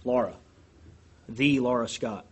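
A man leading a church class discussion, asking the group questions in an animated, self-deprecating way. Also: medium pitch, slow, slight background noise.

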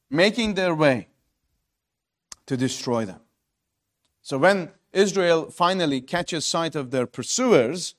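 A man preaching a sermon, emphatic and swinging between loud and hushed delivery, asking rhetorical questions and calling his listeners friends. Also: a little high.

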